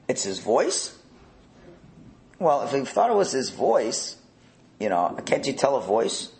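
A middle-aged man leading a religious text class, animated, firing rhetorical questions and repeating words. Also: mid-range voice, slow pace, reverberant, rough recording. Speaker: religious teacher.

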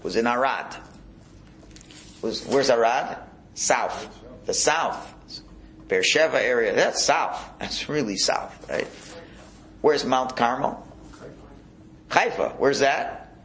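A man's voice: mid-range voice, animated, takes it slowly, pauses often, a bit bright, a little hiss or hum. A man teaching a Torah class as a rabbi, talking in a conversational way and asking the room rhetorical questions.

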